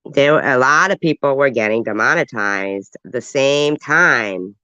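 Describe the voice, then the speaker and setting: A man's voice: medium pitch, animated, measured pace, sharp tone, smooth, no echo. A man chatting on a casual live stream, drawling with offhand asides. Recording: dull lo-fi dry audio.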